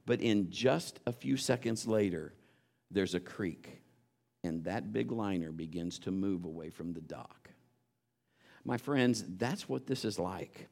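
A man preaching a sermon, telling a story and rising into loud exhortations. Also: mid-range voice.

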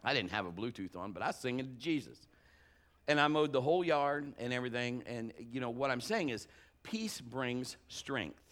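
Middle-aged male pastor, casual folksy sermon, storytelling with restarts, mid-pitched voice. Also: expressive, moderate pace, a bit bright. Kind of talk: conversational sermon.

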